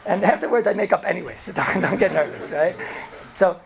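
A man with teaching a class as a rabbi, telling stories in a lively way and often asking "right?". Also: sits high, a little fast, creaky, a crowd in the background. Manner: animated, acts out characters, frequent "right?" and "you know". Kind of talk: storytelling Torah class.

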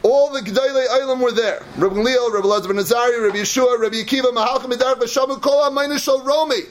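A man giving an animated Torah sermon, building to shouts and peppering his talk with Hebrew and Yiddish terms. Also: extremely high pitch, fast, slight background noise.

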